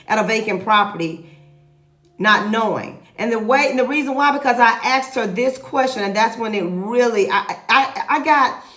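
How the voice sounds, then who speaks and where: Woman realtor, pitched a bit high, animated storyteller, roomy echo. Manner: animated, lively retelling with emphatic repeats. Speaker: real estate agent. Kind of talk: casual storytelling to camera. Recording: echoey room.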